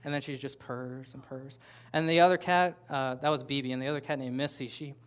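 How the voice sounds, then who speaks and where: A man's voice: medium pitch, fairly even intonation, brisk. A man preaching a sermon as pastor, talking conversationally with playful asides to the congregation. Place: church sanctuary with a congregation.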